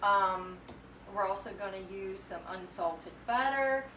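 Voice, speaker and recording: Hosting a cooking channel, a woman with a Southern US accent gives a casual demonstration in a borrowed home kitchen indoors, chatting in a homey way as she stirs and cooks. Her voice is medium-pitched, unhurried, and a bit bright, with a little hiss or hum. The echoey kitchen is picked up by a distant mic, with frying and sizzling from the stove.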